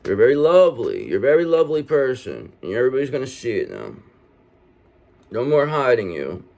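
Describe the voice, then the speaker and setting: A man's voice: mid-range voice, huge pitch swings, brisk, gravelly, a little mellow. Man giving a reassuring tarot reading. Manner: reassuring, talks straight to the viewer, many "okay?" tags. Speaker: tarot reader.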